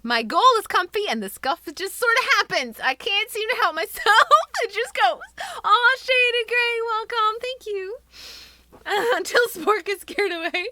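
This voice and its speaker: This is casual stream chat mixed with book reading, with guitar playing in the background. The woman's voice is extremely high and sing-song, a little slow, pushed and bright without echo, and she giggles and gushes as she greets viewers and reads a story.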